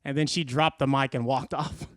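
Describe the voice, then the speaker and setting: A man on a comedy podcast, telling stories in a relaxed way and quoting what others said. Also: mid-range voice, moderate pace, no room sound, studio quality. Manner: relaxed storytelling, quotes others. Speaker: comedian guest. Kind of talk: casual podcast chat.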